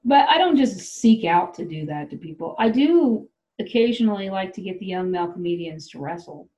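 A woman's voice: medium pitch, animated, normal speed, darkish tone, low-quality recording. A woman from South Dakota hosting a podcast, chatting loosely and laughing as she acts out what people say. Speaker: podcast host. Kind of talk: casual chat.

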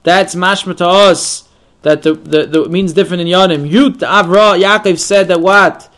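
A man's voice: sits high, steady tone, moderate pace, a bit bright. A man giving a Torah lesson, reading verses aloud, translating them phrase by phrase, and asking rhetorical questions before he explains. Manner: mixes Hebrew and Yiddish terms into English explanation. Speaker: Torah teacher. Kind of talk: Torah lesson on the weekly portion.

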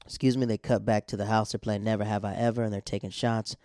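A man's voice: on the low side, level tone, quick pace, mellow, no echo, clean studio sound. A man casually recapping a TV episode in a slangy, laid-back storytelling way.

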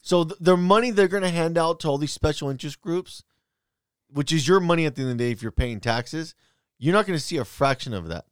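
A man's voice: fairly high pitch, lively intonation, fast talker, smooth, dry recording, studio quality. A man co-hosting a casual podcast, ranting bluntly and profanely about politics. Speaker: podcast co-host.

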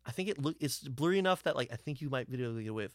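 A man's voice: medium pitch, animated, rapid-fire, dry recording. Guy telling a wild tour story, lots of like and swearing, dry close sound. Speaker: touring band member telling stories. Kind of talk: casual storytelling.

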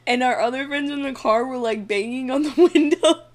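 A woman's voice: high-pitched, a little fast. A young woman co-hosting a casual podcast, telling stories in slangy speech and laughing through them. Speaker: podcast co-host. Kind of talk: casual storytelling chat.

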